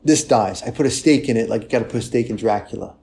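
A man preaching in a loose, conversational way, with a gravelly edge to his voice that sits at a middling pitch. He keeps checking in with his listeners and drops into a hushed tone when he acts out a penitent's words. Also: racing. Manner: lively and conversational, often tagging "right?". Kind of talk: sermon.

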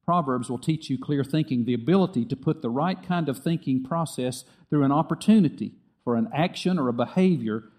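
A middle-aged man preaching a sermon, earnest and repetitive, dropping soft and quiet when he tells a story. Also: medium pitch, brisk, few pauses. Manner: earnest, repeats phrases, drops soft for quoted dialogue. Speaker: pastor.

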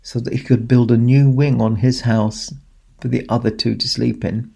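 A man telling a children's story in a gentle, expressive way, with dramatic pauses. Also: medium pitch, vocal fry, husky. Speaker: storyteller in a Santa persona.

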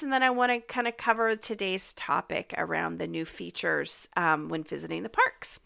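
Woman, podcast host, slightly nasal, bright tone, clear voice, casual and upbeat. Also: mid-range voice, moderate pace, few pauses. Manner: chatty and upbeat, frequent ums. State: recovering from illness, occasional cough.

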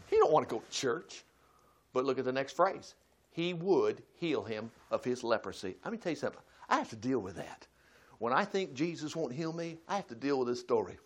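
A man preaching a folksy sermon, swinging from loud bursts to quiet asides. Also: fairly high pitch.

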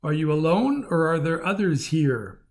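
A man's voice: fairly high pitch, big pitch swings, moderate pace. A man playing a cheerful, wry explorer. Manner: cheerful, dryly joking. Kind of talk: audiobook character voice.

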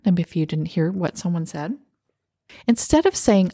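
A woman's voice: on the low side, measured pace, mellow, dry recording, studio quality. A middle-aged woman hosting a solo podcast, talking earnestly and reflectively about her own habits and acting out short example phrases. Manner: earnest, self-reflective, acts out little quoted phrases. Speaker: podcast host.

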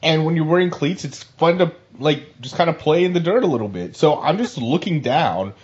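Lively storytelling man. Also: fairly high pitch, normal speed. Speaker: podcast co-host. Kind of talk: casual chat. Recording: dull lo-fi recording.

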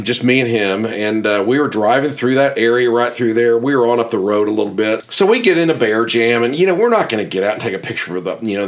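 A middle-aged man from the United States, hosting a podcast and telling rambling, animated anecdotes with restarts and chuckles. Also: fairly low pitch. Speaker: podcast host. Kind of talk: casual storytelling.

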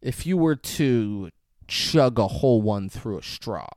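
A man's voice: medium pitch, slow, dry recording, studio quality. A man co-hosting a casual podcast, recapping a film and acting out its lines in big voices. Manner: animated, acts out quotes in big voices. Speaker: podcast co-host.

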